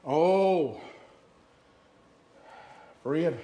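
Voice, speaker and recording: An older man preaching a sermon in a small church, swinging between shouted exhortation and hushed, drawn-out phrases. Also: a little high, slight background noise. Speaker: pastor. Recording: echoey church room, faint congregation.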